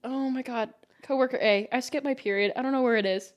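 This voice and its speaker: This is a young woman hosting a casual podcast, with a voice a touch higher than most. She tells stories in an animated, unfiltered way, swearing and laughing as she goes. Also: fast talker. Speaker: podcast host. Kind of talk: casual chat.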